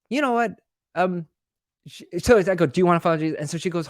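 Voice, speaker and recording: Brief: male guest speaker, casual and lively, voices the people in his story, dry close sound. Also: fast, dry recording. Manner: animated, acts out dialogue with pitch jumps; many fillers and restarts. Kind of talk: conversational webinar storytelling.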